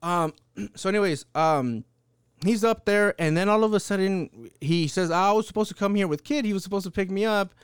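High-voiced man telling a wild story. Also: normal speed, smooth, no echo, clean studio sound. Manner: animated, profane, lots of fillers. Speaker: podcast host. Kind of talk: casual storytelling chat.

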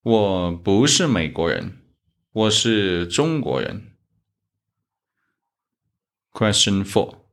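A man from China with a Chinese accent, teaching a Chinese lesson in English and reading the examples slowly. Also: deep voice, very animated. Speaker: Chinese teacher, podcast host. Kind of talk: slow, methodical language lesson.

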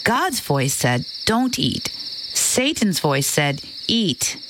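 Older grandmother: patient, teasing, very expressive pitch, cricket noise under it. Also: takes it slowly. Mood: gentle. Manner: gentle, teasing, explaining patiently. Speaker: grandmother in a radio drama. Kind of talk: children's radio drama. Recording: cricket ambience noise behind.

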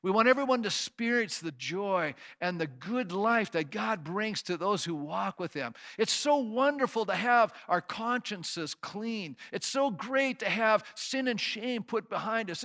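A man with a high, bright voice preaches a sermon. He reads scripture, then drives his points home with emphatic repetition and rhetorical questions. At times he adds playful sound effects. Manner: uses sound effects and asks the congregation questions. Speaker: pastor.

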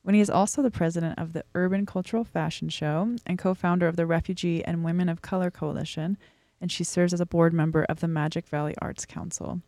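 A woman's voice: fairly low pitch, steady tone, fast, warm tone, dry recording. Woman hosting an interview podcast. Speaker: podcast host. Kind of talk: scripted podcast intro and interview.

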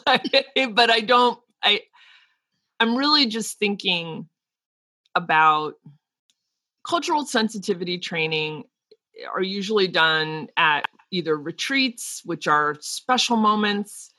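Woman, podcast co-host, teacher, frank, talkative, restarts a lot, bright forceful voice. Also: fairly low pitch, no echo. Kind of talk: casual podcast discussion.

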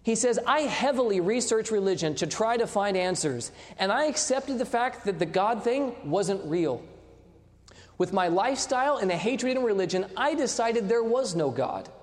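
A man's voice: high-pitched, expressive, moderate pace. Preacher man in a reverberant hall. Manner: storytelling with quoted dialogue, asks the congregation questions. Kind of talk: sermon.

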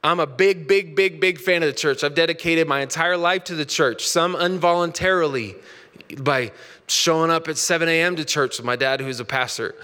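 A man's voice: a little high, normal speed, pushed and bright, big-room sound. A man in his thirties, a pastor, preaching a sermon in a conversational storytelling way that builds into passionate preaching.

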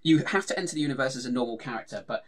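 A man's voice: medium pitch, animated, very fast. A man hosting a casual podcast chat, running the show and restarting his sentences as he talks. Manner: rambling, self-restarting talk. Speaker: podcast host.

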